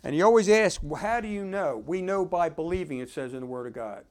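A man's voice: on the high side, animated, brisk. A man giving informal Bible teaching, talking conversationally and reading verses aloud with emphasis. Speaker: preacher.

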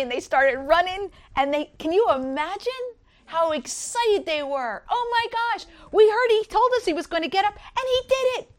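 A middle-aged woman giving an earnest Easter devotional talk, reading scripture and telling personal stories. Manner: earnest, rises high when voicing others.

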